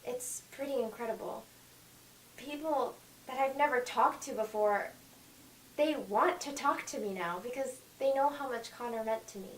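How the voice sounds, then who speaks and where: A woman acting an overeager, chatty teenage girl in an audition reading, talking in quick gushing bursts. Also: a little high, a little hiss or hum, lightly acted. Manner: rapid, overbearing chatter. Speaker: auditioning actress. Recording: echoey room, faint music, from far off.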